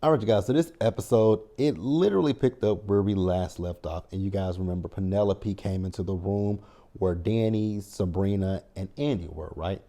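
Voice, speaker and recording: A man's voice: deep voice, moderate pace, warm tone. A man hosting a casual TV episode recap, chatty and wry, with frequent profanity. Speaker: TV recap channel host.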